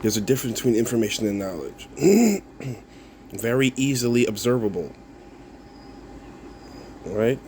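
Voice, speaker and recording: A man's voice: medium pitch, expressive, normal speed, long pauses, warm tone, a little hiss or hum. A content creator, a man, replying to viewer comments in a casual rant, mocking and swearing, breaking into laughs and repeating himself.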